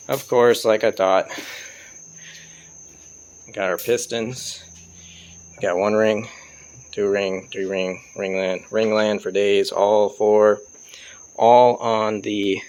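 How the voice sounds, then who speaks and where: A man casually talking through car work in his garage, loose and profane. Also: fairly low pitch. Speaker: car vlogger. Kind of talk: casual garage vlog talk. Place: home garage.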